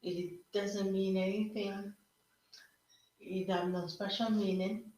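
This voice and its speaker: A woman's voice: mid-range voice, level tone, slow, mellow. A woman hosting a podcast, musing in casual solo talk and tagging her points with rhetorical questions. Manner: reflective, asks rhetorical questions with frequent "right?". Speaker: podcast host. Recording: very echoey room.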